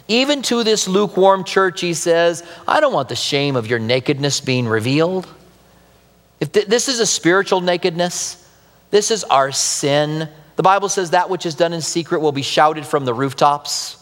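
Male pastor, earnest sermon delivery, slightly high voice, long reverb. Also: animated, moderate pace, fairly bright tone. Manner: earnest preaching with scripture readings.

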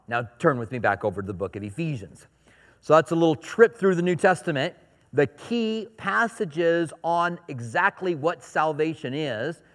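A pastor delivering a sermon, reading scripture aloud and then explaining it in casual asides. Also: male voice, a little high, expressive, normal speed, fairly bright tone, in a large hall.

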